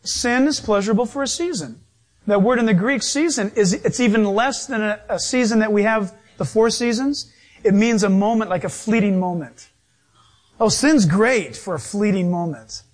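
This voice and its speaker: A man preaching a sermon in a lively, animated way, acting out voices as he goes. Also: high-pitched, moderate pace. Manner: animated, acts out voices and quotes.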